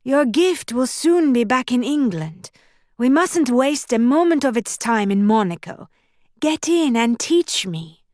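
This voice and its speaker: A woman's voice: fairly high pitch, lively intonation, measured pace, a little mellow, no room sound, studio quality, pitched above the performer's own voice. A woman voicing a spirited, headstrong young heiress who coaxes and teases playfully. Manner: coaxing, playful.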